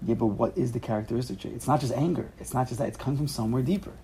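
A man leading an informal Torah class, animated and acting out quotes with sudden loud jumps in his voice. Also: medium pitch, very fast, crowd noise.

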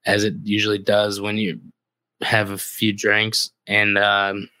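Rambling man with a forceful, low voice. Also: completely flat delivery, measured pace, dry recording. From US Midwest. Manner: rambling, lots of filler "like". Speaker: podcast host. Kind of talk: casual storytelling monologue.

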